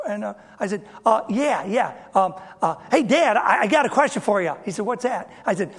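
High-voiced man preaching with storytelling zeal. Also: expressive, normal speed, hardly any pauses, breathy edge. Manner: storytelling, acts out family dialogue, bursts into loud emphasis. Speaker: pastor. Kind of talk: sermon.

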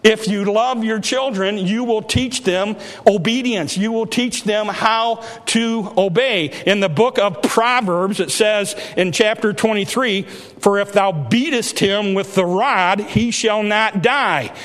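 Male pastor, high voice, emphatic rising sermon delivery, recorded in a reverberant church. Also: slow, a bit bright. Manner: emphatic preaching with rising exhortations. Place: church sanctuary. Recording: hall reverb.

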